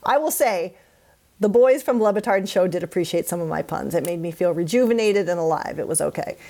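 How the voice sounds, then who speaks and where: A woman's voice: on the low side, lively intonation, brisk, vocal fry, warm tone. Joking woman hosting a hockey chat. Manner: joking, self-deprecating, punning. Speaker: podcast host. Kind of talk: casual sports chat.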